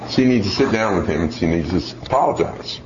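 A man giving a parenting talk, telling a story in a lively way with many asides. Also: deep voice, fast, a little hiss or hum. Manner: lively storytelling, lots of "you know". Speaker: parenting speaker. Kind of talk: parenting talk with acted-out scenes. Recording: roomy, slightly dull recording.

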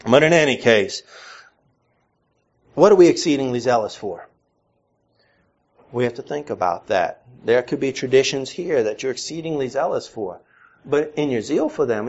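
A man's voice: mid-range voice, darkish tone, dull audio. A man preaching a sermon to a congregation, with a mix of Northern and Southern American accent. He asks earnest questions and builds to emphatic peaks. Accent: mixed Northern and Southern American. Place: church before a congregation.

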